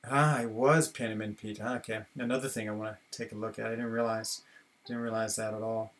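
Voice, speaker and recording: A man's voice: fairly low pitch, flat delivery, brisk, fairly bright tone. A middle-aged man, chatting casually with viewers as a stream host in a rambling, musing way. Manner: rambling, musing, chuckles often. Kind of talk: casual live-stream chat reading comments. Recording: faint guitar music behind.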